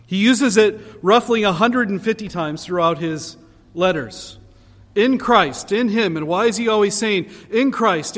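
A man's voice: sits high, a bit bright. A man preaching a sermon as pastor, earnest, building emphasis on key phrases. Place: church sanctuary. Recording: long reverb of a hall.

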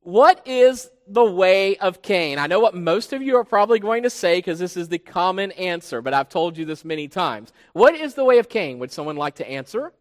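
A male pastor preaches with a high, lively voice that swings widely in pitch as he stresses each point. He sounds emphatic and teacherly and puts questions to his listeners. His words ring out with a long reverb, as in a large church sanctuary. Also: moderate pace, hardly any pauses. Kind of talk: expository sermon.

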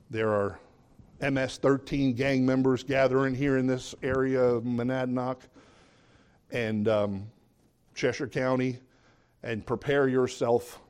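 A man preaching a sermon as pastor, animated, jumping up to high emphatic bursts and dropping low for asides.

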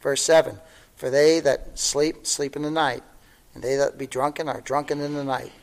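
A man's voice: mid-range voice, flat delivery, normal speed, rough recording. A male pastor preaching a sermon, conversational with tag questions, building to fervent exclamations and chuckling now and then.

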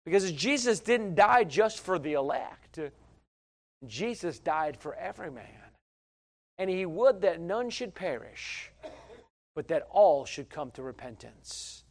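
A middle-aged male pastor delivers a sermon in a notably high voice. He swings from loud, emphatic declarations to quiet, conversational asides. He repeats phrases and stumbles over fillers as he goes.

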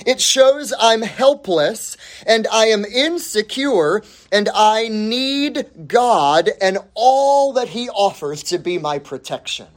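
Slow, deliberate male preacher. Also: expressive. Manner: lets final words of phrases drop low and soft. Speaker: pastor. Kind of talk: expository sermon.

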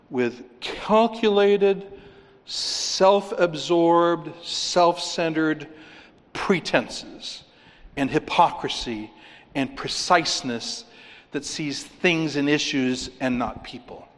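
A man preaching with emphasis, his fairly high voice climbing on key points and falling quiet to drive others home. The sound carries a long reverb, as in a large hall. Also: lively intonation, slow pace. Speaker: pastor. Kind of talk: sermon.

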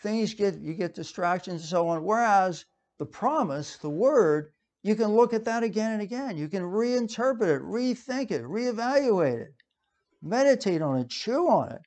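A man's voice: high-pitched, expressive, normal speed, darkish tone. A man preaching a sermon in a conversational way, with frequent fillers and restarts.

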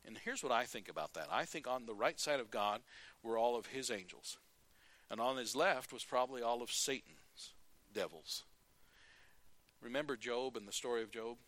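A man preaching a sermon, retelling a Bible story and acting out its characters in lively, conversational bursts. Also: medium pitch, moderate pace, no room sound. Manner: animated, acts out the Bible characters in his retelling.

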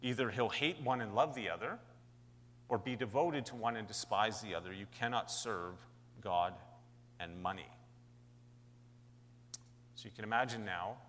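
A man preaching a sermon as pastor, conversational, asking questions and building to animated peaks. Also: on the low side, in a large hall, slight background noise.

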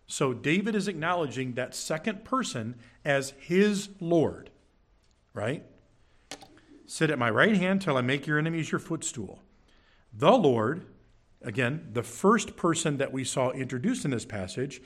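A man preaching in a church, teaching from scripture with emphatic, animated delivery and frequent check-ins with the congregation. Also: a little high, a little slow. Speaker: pastor. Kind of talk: sermon. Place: church sanctuary.

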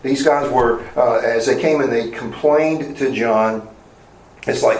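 A man giving a sermon as pastor, conversational and plain, often pausing on fillers and asking rhetorical questions. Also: medium pitch, a little mellow, reverberant, slight background noise, rough recording.

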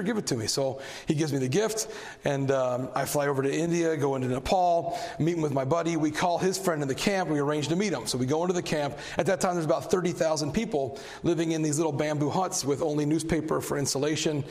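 A man preaching a sermon, telling a story with animated energy and a voice that climbs when he gets excited. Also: on the high side, fast. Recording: long hall reverb.

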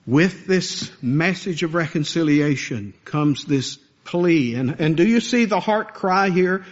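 A man's voice: on the high side, lively intonation, slow, highs cut off. A man preaching a sermon as pastor, earnest and building to impassioned pleas.

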